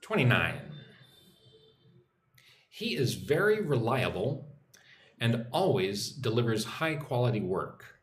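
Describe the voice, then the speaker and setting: Lively American man teaching English live. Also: medium pitch, echoey room, background noise. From United States. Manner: reads viewer comments aloud and explains vocabulary; drills pronunciation slowly, syllable by syllable. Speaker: English teacher hosting a livestream. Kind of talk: live online English lesson. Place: home room with a loud air conditioner.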